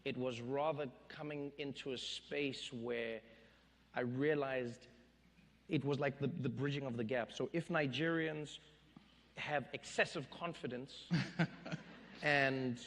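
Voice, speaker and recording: A man in his thirties, an interview guest telling stories on stage, animated and laughing as he acts out quotes. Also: mid-range voice, slow pace, long reverb tail. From South Africa. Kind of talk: storytelling in a public interview. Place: stage in an event hall.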